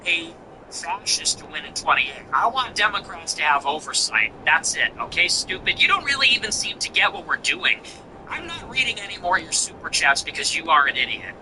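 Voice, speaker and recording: A man's voice: big pitch swings, moderate pace. Snarky guy hosting a stream, voice jumps all over, noisy hiss behind. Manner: sarcastic, mocking, swings pitch for effect. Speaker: show host. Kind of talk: casual livestream chat reading donations.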